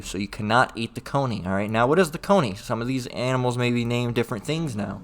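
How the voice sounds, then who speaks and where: A man with a mid-range, fairly bright voice teaches religion casually at a moderate pace, faint music playing behind him. He reads scripture aloud verse by verse, giving the old-style language more lift, and keeps repeating "all right?" to check in after almost every line.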